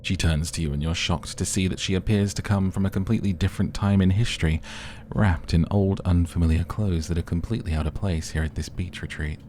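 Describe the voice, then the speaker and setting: A man's voice: low-pitched, steady tone, fairly quick, a little mellow, slight background noise. A man narrating a dating game playthrough with playful, wry asides. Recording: music playing behind.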